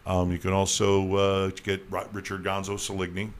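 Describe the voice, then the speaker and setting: Male talk host, on the low side, loose and rambling, quick with a joke. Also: monotone. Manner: rambling, repeats himself, jokey. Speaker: podcast host. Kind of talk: casual chat.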